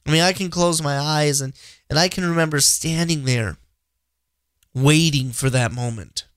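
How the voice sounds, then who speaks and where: A man's voice: fairly high pitch, normal speed, fairly bright tone, dry recording, clean studio sound. Earnest stammering man podcasting on faith. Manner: earnest, repetitive, frequent restarts. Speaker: podcast host. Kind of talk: inspirational faith talk.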